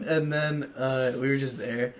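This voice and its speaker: A man's voice: medium pitch, fairly even intonation, a little slow, slight background noise. A young man telling a rambling story on a podcast, full of restarts and acted-out quotes, laughing often. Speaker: podcast guest. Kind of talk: casual storytelling among friends.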